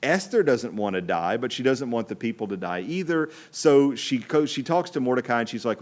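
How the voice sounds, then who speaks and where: A middle-aged priest retelling a Bible story on a podcast with wry, animated delivery. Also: male voice, medium pitch, a little fast, few pauses.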